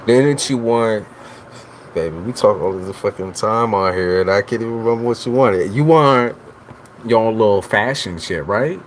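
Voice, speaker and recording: A man's voice: lowish voice, normal speed, slight background noise. A man hosting a live tarot stream, chatting casually with viewers in a teasing, profane way. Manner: teasing, profane, talks straight to chat. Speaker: tarot reader host.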